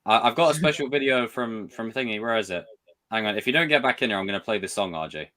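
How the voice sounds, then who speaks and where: A man's voice: lowish voice, expressive, quick pace, sharp tone. A man with a British accent co-hosting a casual group chat, joking and steering the talk. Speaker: co-host.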